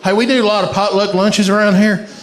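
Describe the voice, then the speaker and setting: A man's voice: high-pitched, steady tone, fast talker, natural voice. A man voicing a blunt, folksy Southern office worker with an Alabama drawl. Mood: folksy, dismissive. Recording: echoey room with audience noise.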